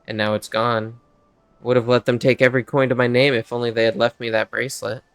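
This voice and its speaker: A man reading the lines of a gentle elderly female nursemaid, soft and plain. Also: medium pitch, flat delivery, fairly quick, clean tone, no room sound, natural voice. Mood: sorrowful.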